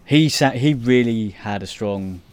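A man's voice: medium pitch, measured pace. A man in casual chat, recapping scenes hesitantly with lots of fillers and the odd swear word.

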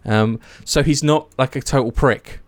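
A man's voice: mid-range voice, measured pace, no room sound. A man chatting casually and eagerly about a series, rambling with many fillers and restarts. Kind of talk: casual chat.

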